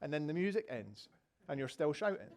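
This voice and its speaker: Scottish pastor with a higher voice. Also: male voice, big pitch swings, fairly quick, a little mellow. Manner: vivid storytelling with rhetorical questions. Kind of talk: sermon.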